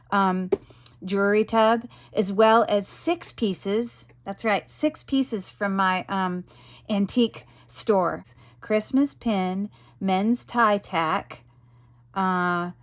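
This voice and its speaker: A mid-range female voice, recorded dry, belongs to a jewelry seller casually presenting her pieces. She talks enthusiastically and at length, with frequent ums and you-knows.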